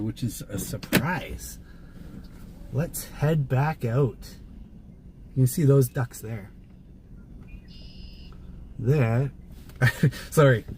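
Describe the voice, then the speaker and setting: A man hosts a casual livestream from his car, talking into a phone while he drives. His voice sits in the middle range for a man, and he laughs easily and greets viewers by name. A faint hum of the car runs underneath. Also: mid-range voice. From Canada. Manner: chatty, laughs often, thanks viewers by name. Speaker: livestream host. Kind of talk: casual chat while driving. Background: faint car noise.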